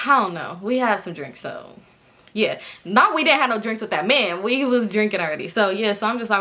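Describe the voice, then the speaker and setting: Bright-voiced woman telling a storytime. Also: mid-range voice, animated, brisk. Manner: slangy and profane, talks straight to the audience. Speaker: storytime vlogger. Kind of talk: casual storytelling to viewers.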